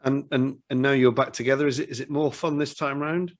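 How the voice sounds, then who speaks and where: A man's voice: medium pitch, steady tone, a little fast. A man hosting a podcast interview, asking questions in an eager, chatty way with stumbling restarts. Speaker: podcast host.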